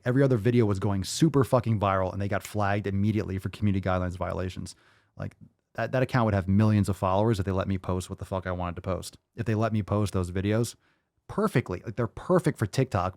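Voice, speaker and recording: A man hosts a fitness channel and reacts to clips in a profane, exasperated rant. His voice sits on the low side and sounds dry and close, with little room echo. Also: darkish tone. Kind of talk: reaction commentary.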